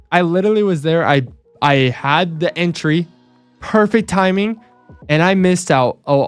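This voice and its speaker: A young man walking through trading charts on screen, excitable and self-mocking, repeating himself as he talks. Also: mid-range voice, smooth, no echo. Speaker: trading video host. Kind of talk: screen-share chart walkthrough.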